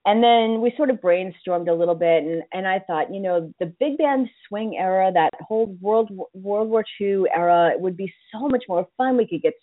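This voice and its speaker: A woman's voice: mid-range voice, normal speed, few pauses. A woman hosting a radio show, chatting casually and telling stories animatedly. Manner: animated storyteller, acts out quoted lines. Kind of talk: casual chat. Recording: tinny phone line.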